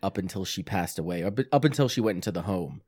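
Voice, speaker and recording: A man in his thirties chatting casually, relaxed and profane, leaning hard on his emphasis. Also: low-pitched, fast, breathy edge, no room sound, studio quality. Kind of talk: casual chat.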